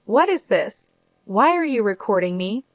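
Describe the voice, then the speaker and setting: A greedy, anxious young woman pleads and then turns defensive in a storybook drama, as a narrator puts her on. The voice sits at a middle pitch and sounds dry and close. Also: very animated, a little slow, no echo. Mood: accusing.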